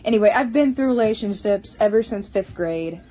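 A woman talking in a casual personal vlog, halting with many restarts and stammers. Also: mid-range voice, animated, mellow. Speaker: vlogger. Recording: slightly muffled home recording.

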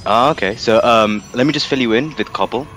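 Speaking a little fast in a mid-range, somewhat bright voice, this tournament caster from London, England, gives casual game commentary. He rambles, cracks jokes and laughs often.

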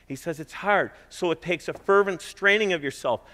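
In a large church hall, a middle-aged man delivers a sermon in a conversational way, repeating points for emphasis. His voice is high-pitched, bright and pushed, at a moderate pace.

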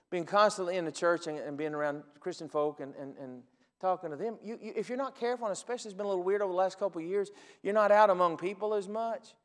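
A high-pitched man in his forties preaches to his congregation, acting out phone calls and laughing as he tells the story. His voice rings through a church sanctuary with a long hall echo. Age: 40s. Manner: storytelling, animated, laughing at his own stories. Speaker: pastor. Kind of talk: sermon.

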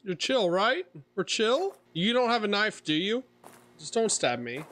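A man's voice: high-pitched, sing-song, unhurried, fairly bright tone, slight background noise. Jumpy man playing a horror game. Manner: jumpy, swears, talks back to game characters. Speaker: gaming streamer. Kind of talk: horror game let's play commentary.

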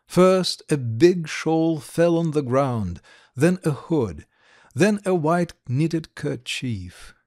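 A man reading a classic short story aloud slowly and clearly for English learners. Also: a little high, lively intonation, a little mellow, no echo, studio quality. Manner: slow, deliberate, clear reading. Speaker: narrator.

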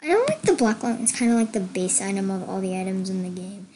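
A young woman chatting excitedly through casual gameplay commentary, gushing and chatty. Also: medium pitch, quick pace, background noise. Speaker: gamer.

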